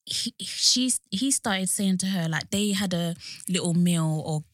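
A young woman talks casually on a podcast, slipping into quick quoted voices as she retells scenes. Her voice sits a little low. The sound is close and dry. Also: no room sound. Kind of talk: casual chat reviewing a reality show.

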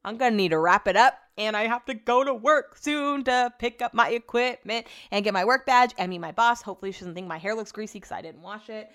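A woman's voice: on the high side, brisk, hardly any pauses, fairly bright tone, clean tone. A woman with a Californian accent, hosting a podcast on her own in a rambling, chatty and profane way. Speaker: podcast host. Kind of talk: casual solo podcast chat.

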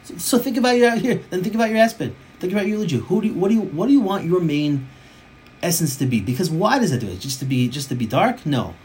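Fast-talking rabbi giving a Torah class. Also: male voice, high voice, sing-song, a little mellow, a little hiss or hum. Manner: emphatic, repeats phrases, mixes in Hebrew and Yiddish terms.

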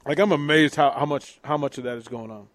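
A male sports radio host talks casually and loosely, often restarting his sentences as he reads out listener texts. His voice sits fairly high for a man. The sound is dry and close, with no room echo. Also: quick pace, fairly bright tone. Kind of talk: casual call-in sports talk.

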